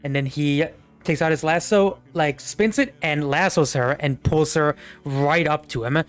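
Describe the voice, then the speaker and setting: A man's voice: a little high, a little slow, faint music behind. Young man rambling as a game master. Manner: rambling with many fillers. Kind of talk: narrating a tabletop game.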